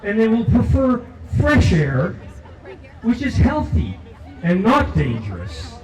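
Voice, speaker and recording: An older man giving an impassioned protest speech outdoors, declaiming repeated lines and shouting to lead the crowd in chants. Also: high voice, wildly swooping pitch, slow pace. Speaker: protest speaker. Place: outdoor rally at a legislature. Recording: echoey, distant from the mic, loud crowd.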